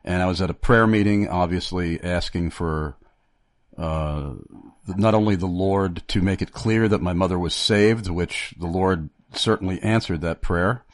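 Male talk host, deep voice, dry and close, thoughtful, pauses and restarts often. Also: dry recording. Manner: reflective, halting, with frequent fillers and restarts. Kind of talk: Christian radio talk.

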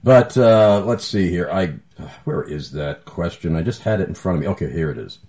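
A male radio talk show host with a somewhat low voice. He keeps things jovial and laughs easily, shuffling for listener emails as he reads them out. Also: expressive, fairly quick, dark tone. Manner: jovial, laughs often, fumbles for papers.

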